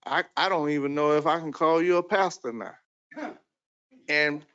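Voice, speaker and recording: A man giving an earnest public comment at a council meeting, speaking in a halting way. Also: fairly high pitch, expressive, a bit bright. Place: city council chamber. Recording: dull lo-fi meeting audio.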